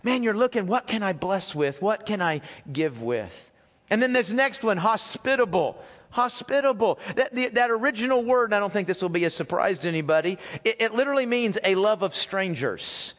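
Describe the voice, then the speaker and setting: A man's voice: high voice, expressive, normal speed, a bit bright, in a large hall. A man preaching a sermon as pastor, talking conversationally, asking the congregation questions and repeating his phrases. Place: church sanctuary.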